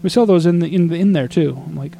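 A man from Arizona with a slightly raised voice tells a rambling travel story in relaxed podcast chat. He gets animated and exasperated, jumping into mock quotes of other people. A faint hum runs under the recording. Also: fairly high pitch, quick pace, vocal fry.

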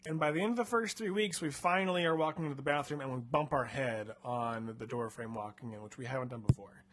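A young man with a medium-pitched voice speaks fast as he casually retells a story on a comedy podcast, where he hosts and reads a choose-your-path book aloud. He's chatty and playful, using lots of filler words.

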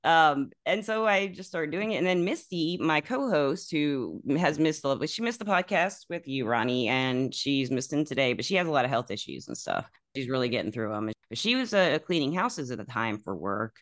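A woman's voice: sits low, sing-song, brisk, few pauses. A woman from Alabama with a Southern accent, a podcast host chatting casually, rambling and laughing often. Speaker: podcast host, tarot reader. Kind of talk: casual interview chat.

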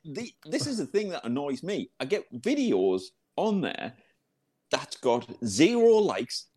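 A man in his thirties tells rowdy stories with a fairly high voice that swoops up and down constantly. He swears a lot and sounds incredulous at everything, his delivery bouncing with energy. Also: unhurried, slightly rough. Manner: animated, sweary, incredulous storyteller. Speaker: podcast co-host. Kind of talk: casual chat.

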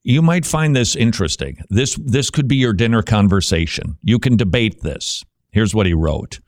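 A man hosting a radio talk show, joking and animated, who turns preacherly when he teaches. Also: fairly low pitch, moderate pace, no room sound, clean studio sound. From Dutch heritage.

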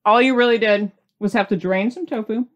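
A woman's voice: a little high, a little fast. A middle-aged woman hosts a casual home cooking video in a bubbly, chatty way. She tastes the food as she goes and sometimes talks with her mouth full. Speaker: cooking channel host.

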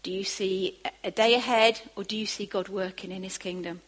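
A woman preaching a sermon, moving from quiet asides to emphatic, rising bursts. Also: medium pitch, fairly even intonation, fairly quick, poor audio.

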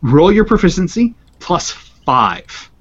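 A man's voice: sits high, sing-song, slow pace, breathy edge. A man running a tabletop game as game master, chatty and often laughing as he describes the action. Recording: dull lo-fi podcast audio.

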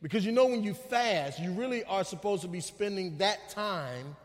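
Male pastor, very high voice, emphatic preacher who repeats his points, recorded in a big echoing hall. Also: normal speed. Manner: emphatic preaching with repetition and call-outs to the congregation. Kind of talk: sermon. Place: church sanctuary. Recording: long reverb of a large hall.

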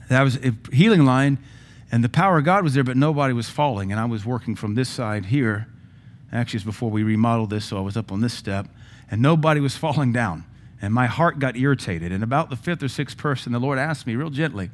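A man preaching to his church congregation. His pitch sits at an ordinary middle level, and his delivery is conversational, with emphatic rises and self-deprecating asides along the way. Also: lively intonation, quick pace, slight background noise. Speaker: pastor. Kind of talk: sermon. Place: church sanctuary.

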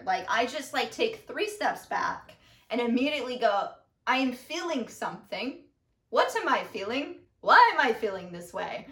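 A woman's voice: fairly high pitch, expressive, moderate pace, bright, forceful tone. A young woman co-hosting a podcast, chatting casually and playfully, with lots of fillers. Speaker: podcast co-host. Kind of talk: casual conversation. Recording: roomy sound from a distance.

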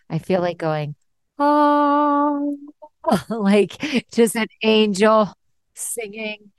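A woman's voice: low-pitched, gravelly, a little mellow, smooth, no room sound, studio quality. A woman hosting a podcast interview, chatting casually in an effusive, affirming way. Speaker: podcast host.

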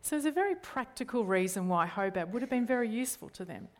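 A middle-aged Australian woman, a church leader, preaches a sermon earnestly, frequently addressing the listeners with rhetorical questions. Her voice is slightly high and animated, and she speaks fast.

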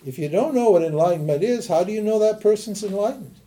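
Older man teaching, very mellow tone. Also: sits high, animated, fast talker. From Montana, USA. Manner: emphatic, asks rhetorical "what?" questions and answers them. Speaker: spiritual teacher. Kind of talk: teaching talk to students.

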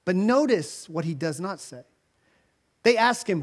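A man with a fairly high voice delivers a sermon in a loose, conversational way. He tells the story with animated energy and plenty of casual filler words. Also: measured pace. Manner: animated storytelling, voicing characters in quotes. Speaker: pastor.

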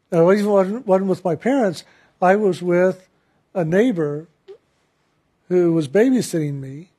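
A man with a notably high voice delivers a spiritual talk. He speaks gently and reflectively, and laughs readily as he recounts a story. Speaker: spiritual teacher.

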